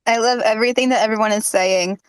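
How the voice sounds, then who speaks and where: A woman's voice: a little high, steady tone, quick pace, smooth, no echo, low-quality recording. A woman on a fan discussion panel, chatting in an upbeat, agreeable way. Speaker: podcast panelist.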